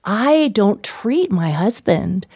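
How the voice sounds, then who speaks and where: A woman in her thirties, an author and guest, telling stories in a lively way and acting out quotes. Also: medium pitch, slow, breathy edge, no room sound, clean studio sound. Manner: animated, acts out quotes with laughs. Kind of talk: casual storytelling.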